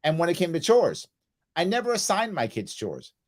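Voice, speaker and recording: A middle-aged man hosting a casual chat, telling parenting stories and acting out quoted lines with loud, animated swings. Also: sits high, moderate pace. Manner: animated storyteller, acts out quoted lines loudly. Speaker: host.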